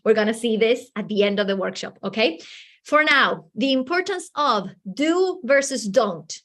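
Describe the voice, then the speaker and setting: Animated woman leading an online workshop. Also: a little high, moderate pace. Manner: lively, animated, acts out children's voices. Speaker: teacher trainer. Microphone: video call.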